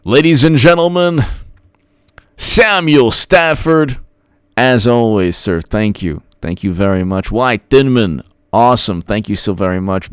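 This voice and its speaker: A man's voice: fairly low pitch, clean tone, dry recording, studio quality. A man hosting a political live stream, rambling and repeating himself with many fillers as he thanks viewers.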